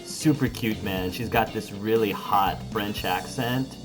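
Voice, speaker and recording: Over a phone call with music in the background, a man with a fairly low voice plays a chatty, easygoing young male guitarist in a tabletop role-play, acting it lightly. Relaxed and casual, he rambles with drawn-out filler words.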